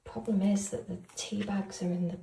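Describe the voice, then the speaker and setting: A woman's voice: medium pitch, flat delivery, moderate pace, vocal fry, warm tone, roomy sound. A sleepy woman in her kitchen early in the morning, talking wearily and half-whispering to her dog. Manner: weary, pleading, half-whispered. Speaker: pet owner.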